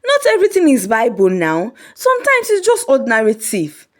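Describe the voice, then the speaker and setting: A woman's voice: fairly high pitch, wildly swooping pitch, normal speed, pitched above the performer's own voice. A woman voicing a laid-back young man who teases casually. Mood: teasing.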